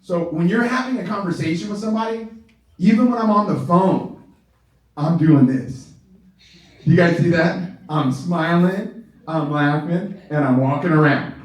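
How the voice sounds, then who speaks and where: Man, high voice, sales trainer, animated, laughs a lot, very echoey room, distant mic. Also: moderate pace. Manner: animated, keeps checking in with the audience; laughs often while talking. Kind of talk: live training talk to a group.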